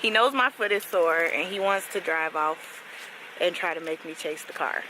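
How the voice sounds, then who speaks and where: A woman in her thirties, a vlogger chatting to her viewers in an animated, talkative way from a moving car, quick to laugh. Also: on the low side. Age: 30s. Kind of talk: casual chat to camera. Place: passenger seat of a moving car. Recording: road noise inside a moving car.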